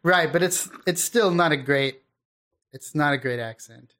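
A man co-hosting a podcast in casual chat, rambling and laid-back, often trailing off quietly. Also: on the high side, unhurried. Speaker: podcast co-host.

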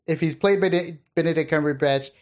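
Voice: mid-range voice, a little fast. Wry co-host in casual chat.

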